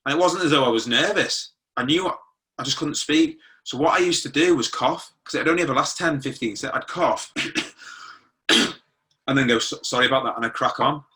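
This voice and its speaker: Middle-aged man, ex-police sergeant, storytelling guest; bright, clear tone, mid pitch, chatty with restarts. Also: fairly quick. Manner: conversational, with frequent restarts and quoted dialogue. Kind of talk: personal storytelling.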